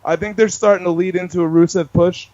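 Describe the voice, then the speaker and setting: Man, podcast co-host, rambling recaps, slightly high voice, dull lo-fi sound. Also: fairly even intonation, fast talker, a loud crowd. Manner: rambling, self-correcting recaps. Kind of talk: casual wrestling podcast chat.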